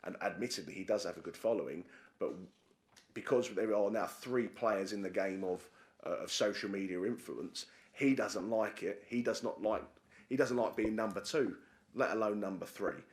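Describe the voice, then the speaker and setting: A man's voice: on the low side, normal speed. A man chairing a council committee, speaking with many fillers and repeated words. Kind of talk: committee debate speech. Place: council chamber.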